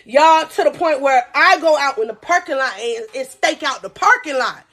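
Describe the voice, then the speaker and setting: A woman in her twenties telling a storytime on a live vlog, animated and slangy, laughing as she goes. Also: high-pitched, normal speed. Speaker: vlogger.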